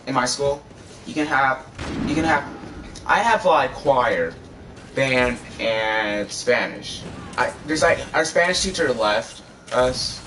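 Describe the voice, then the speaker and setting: A man's voice: medium pitch, takes it slowly. A teenage boy vlogging, telling a rambling personal story full of fillers, cursing and restarts. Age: teens. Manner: loose, filler-heavy, cursing, self-interrupting. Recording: distant mic, loud gunfire noise.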